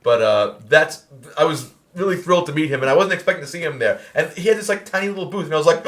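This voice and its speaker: A man with an American accent hosting a podcast, chatting casually with lots of fillers and bursts of excited laughter. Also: on the high side, fast, few pauses. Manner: animated, laughing storyteller, many fillers. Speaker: podcast host. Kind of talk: casual chat.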